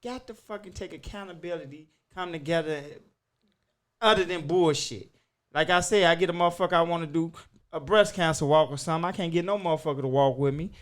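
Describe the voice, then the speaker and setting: A man hosting a podcast, talking in a loud, emphatic, profane way that swings between shouting and muttering. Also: on the high side, fast talker. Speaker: podcast host. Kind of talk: casual chat.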